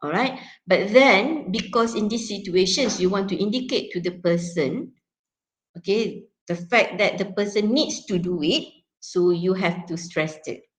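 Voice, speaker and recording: Woman, Malaysian accent, lecturer, classroom explaining, frequent check-ins, mid pitch. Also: measured pace, low-quality recording.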